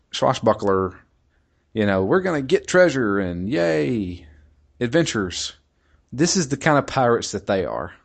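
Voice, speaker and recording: Low-voiced man rambling about a game. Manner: hesitant, many fillers and restarts. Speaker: video game reviewer. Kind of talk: casual podcast chat.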